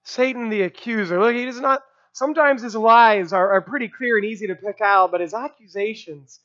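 A man's voice: sits high, moderate pace, fairly bright tone, highs cut off. A man preaching a sermon, emphatic, with rhetorical asides and repeated phrases. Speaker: pastor.

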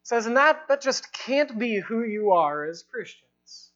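A woman's voice: fairly high pitch, expressive, a bit bright. Earnest woman preaching, dull lo-fi sound. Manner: emphatic, repeating lines for effect; ends in prayer with slow, drawn-out phrasing. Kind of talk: sermon. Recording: dull, lo-fi recording.

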